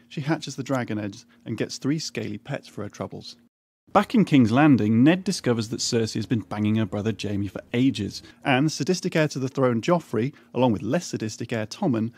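A man reading a scripted comic recap, full of wry, irreverent deadpan asides. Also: mid-range voice, husky. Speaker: narrator. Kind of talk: scripted comedic recap narration.

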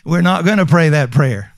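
Speaking as a pastor, a high-pitched man delivers a sermon, driving home lines through repetition. His talk is conversational and emphatic, with fillers and restarts, and the audio has no room sound.

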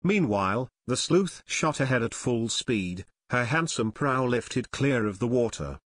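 Steady and measured, a mid-range male voice tells an adventure story as scripted audiobook narration. The recording is clean studio sound with no echo.

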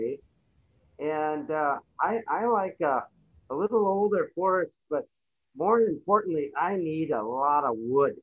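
A man voicing an easygoing male forest predator in an educational role-play, with a folksy, joking manner. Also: fairly high pitch. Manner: jokey folksy voice with tag "eh". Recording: tinny phone-like line.

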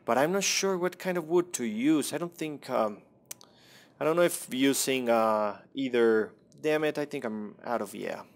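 A man's voice: mid-range voice, moderate pace. A young man casually commenting on his own gameplay, rambling, self-deprecating and swearing at the game.

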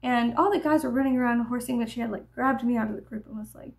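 A woman rambles through a get-ready-with-me story, pausing on fillers and slipping into whispers. Her voice sits a little high, with a gravelly fry running through it. She speaks in the loose, meandering way of a vlogger. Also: fairly even intonation. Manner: meandering, many fillers, drops into soft whispers.

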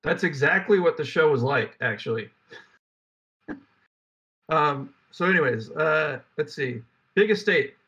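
A man's voice: fairly high pitch, expressive, measured pace, pauses often, bright, forceful tone. A young man co-hosting a casual podcast, reading facts aloud and riffing with jokes. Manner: rambling, jokey, reads facts aloud then riffs. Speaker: podcast co-host. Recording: dull lo-fi mic.

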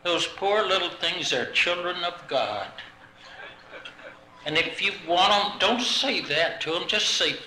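A prim little old lady, put on by a man, scolds slowly and gently in a slightly raised voice. It rings around a roomy hall with faint noise behind. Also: high voice, animated, voice pushed up, exaggerated voice. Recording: roomy live banquet hall.

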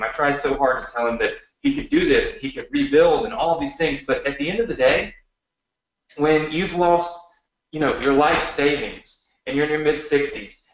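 A man in his thirties giving a motivational webinar pitch, talking straight to viewers and asking them questions. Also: moderate pace. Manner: energetic, talks to viewers with yes-questions. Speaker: online marketing presenter. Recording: echoey room.

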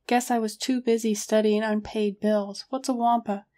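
A woman's voice: a little high, little pitch movement, moderate pace, dark tone, close to an everyday voice. Woman reading as a gloomy worried partner. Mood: complaining. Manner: glum and complaining. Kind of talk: audiobook character reading.

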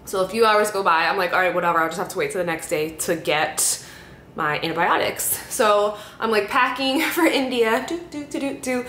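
A woman's voice: expressive, fairly quick, fairly bright tone. A young woman vlogging casually to camera, telling stories in a chatty way with lots of "like" and acted-out quotes. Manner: chatty storytelling, many "like"s, acts out quotes. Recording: echoey room with faint rumble.

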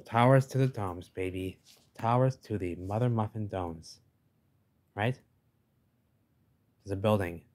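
Over video footage, a man with a fairly low voice comments emphatically and dismissively. He keeps returning to the same catchphrases again and again.

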